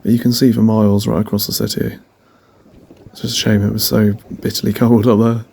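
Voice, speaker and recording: A man's voice: fairly low pitch, flat delivery, fairly quick, creaky, background noise. A young man chatting casually in a vlog, rambling and tentative, laughing at himself as he talks. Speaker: van life vlogger. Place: outdoors in a city and in a van.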